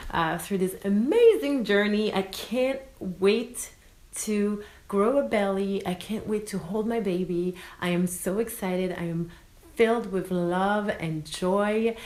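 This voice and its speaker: A French mother in her thirties, with a French accent, chats expressively to her vlog audience and sprinkles in French words. Her voice is lowish, and the recording is rough and reverberant.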